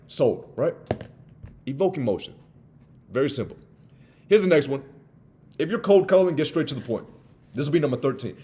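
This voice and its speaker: A young man giving a motivational talk on sales, energetic and acting out sales conversations in different voices. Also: fairly high pitch, fairly quick, long pauses. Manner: energetic, acts out sales dialogues in varied voices. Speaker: sales coach.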